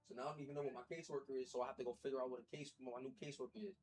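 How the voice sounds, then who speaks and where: A man's voice: medium pitch, steady tone, very fast, darkish tone, faint music behind, low-quality recording. A young man talking earnestly and at length about his struggles in a rambling, repetitive way, as a vlogger. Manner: earnest, rambling, repeats himself. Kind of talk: casual personal talk to camera.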